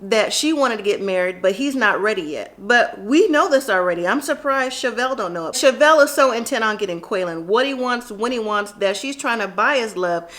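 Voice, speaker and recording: A woman's voice: a little high, animated, brisk, few pauses, a bit bright. A woman casually recapping a reality TV episode, chatty and opinionated, talking straight to the people she watches. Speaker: TV recap vlogger.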